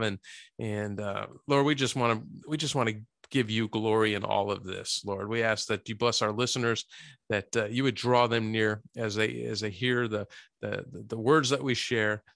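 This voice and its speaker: A man in his forties co-hosting a casual Christian podcast, chatty and quick to laugh, sometimes stumbling over his words. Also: medium pitch, fairly even intonation, gravelly, fairly bright tone, dry recording, clean studio sound. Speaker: podcast co-host.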